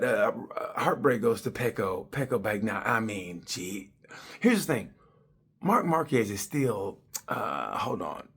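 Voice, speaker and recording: A man's voice: medium pitch, husky. A man doing a rambling, profane comedic rant as a race reviewer. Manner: rambling, loose, profane, restarts a lot.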